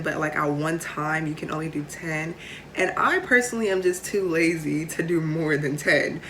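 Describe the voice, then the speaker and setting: A woman's voice: on the low side, fairly bright tone, slight background noise. A young woman, chatting casually to camera with lots of fillers and playful asides. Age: late teens. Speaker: vlogger.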